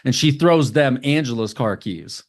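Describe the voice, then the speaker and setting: A man's voice: medium pitch, lively intonation. A man co-hosting a podcast, casually recapping a horror movie with profanity and jokey character voices. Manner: swearing, acts out characters in quick funny voices. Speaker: podcast co-host.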